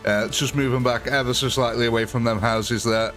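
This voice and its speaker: A man's voice: medium pitch, fairly even intonation, brisk, fairly bright tone, faint music behind. A young man chatting through a live gameplay stream, thanking viewers and talking through his choices.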